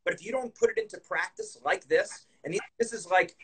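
A man's voice: high-pitched, a little fast, husky, poor audio. A man hosting a podcast interview, enthusiastically reflecting back his guest's points. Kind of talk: casual interview.

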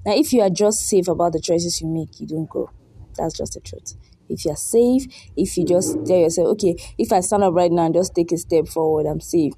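A woman's voice: on the low side, brisk, hardly any pauses, dark tone, slight background noise. A young woman hosting a radio breakfast show, bubbly and chatty, repeating words for emphasis. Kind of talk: energetic radio talk.

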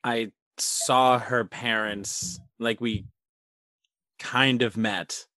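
A man chatting as a guest on a casual movie podcast, cracking quick jokes. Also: medium pitch, fairly even intonation, pushed and bright, no room sound, clean studio sound. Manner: joking, quick wisecracks.

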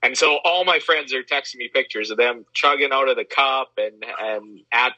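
A man in casual chat, telling lively, self-deprecating stories with a husky voice. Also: medium pitch, moderate pace, dry recording, dull audio. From Western Canada. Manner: animated, self-deprecating storyteller.

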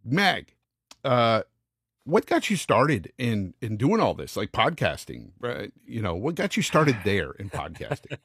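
A man's voice: medium pitch, big pitch swings, unhurried, fairly bright tone, slightly rough, no echo, studio quality. A man in his fifties hosting a podcast, speaking casually with many fillers. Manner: friendly, hesitant with many fillers. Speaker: podcast host. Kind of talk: casual interview chat.

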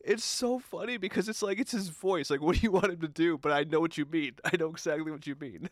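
A man co-hosting a podcast in casual chat, easygoing and quick to laugh. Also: a little high, no echo, studio quality. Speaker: podcast co-host.

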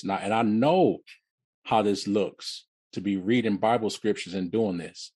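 A man in his fifties, originally from Detroit, telling his life story as an interview guest in a halting way, often repeating and restarting words. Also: on the low side, a little mellow, breathy edge, no echo. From Detroit, USA.

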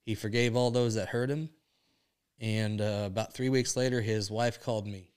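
A man with a lowish, smooth and resonant voice tells a faith testimony into a podcast mic. He speaks earnestly and strings his thoughts together with frequent "and, uh", like someone recounting a story that moved him. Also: fairly even intonation, moderate pace, a little mellow. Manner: earnest storytelling, many "and, uh" links. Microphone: podcast microphone.

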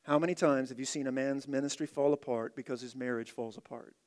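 A man preaching an expository sermon, emphatic, repeating key phrases and swinging from loud to hushed. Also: medium pitch, steady tone, fast talker, big-room sound. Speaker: pastor.

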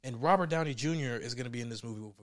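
A man co-hosting a casual chat, telling stories with loud laughing outbursts and mimicked voices. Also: mid-range voice, racing, dry recording, studio quality. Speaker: podcast co-host.

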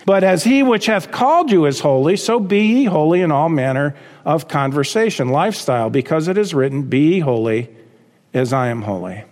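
Emphatic preacher with hall reverb. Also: male voice, a little high, animated, moderate pace, a little mellow. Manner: preaching with rising emphatic bursts and repeated phrases. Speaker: pastor. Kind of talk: sermon.

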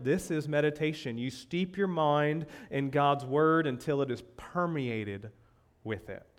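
Man preaching with emphatic repetition. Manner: conversational, repeats key phrases, rises in pitch for emphasis. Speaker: pastor. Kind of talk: sermon.

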